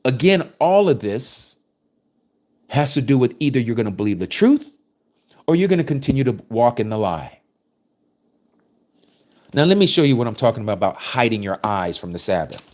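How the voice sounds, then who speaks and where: Emphatic male preacher with lively pitch. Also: normal speed, pauses often. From United States. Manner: emphatic, preachy, reading verses aloud and commenting on them. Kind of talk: scripture study sermon.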